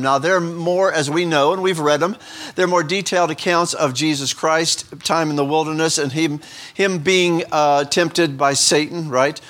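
A man's voice: on the high side, normal speed, fairly bright tone. A middle-aged man preaching a sermon, rambling through self-deprecating asides between scripture readings. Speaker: pastor.

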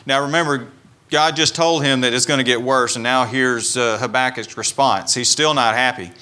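A man's voice: medium pitch, steady tone, moderate pace, sharp tone, clean tone. A man giving an informal Bible teaching, explaining and paraphrasing scripture in a conversational way.

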